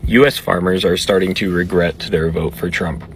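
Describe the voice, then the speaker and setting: Steady male news narrator, low gravelly voice. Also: normal speed, a little hiss or hum.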